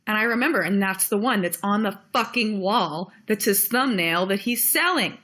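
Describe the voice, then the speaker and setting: A woman's voice: medium pitch, expressive, normal speed, sharp tone. Blunt, heated young woman ranting. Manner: blunt, heated, swears freely. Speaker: vlogger. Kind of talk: ranting video commentary.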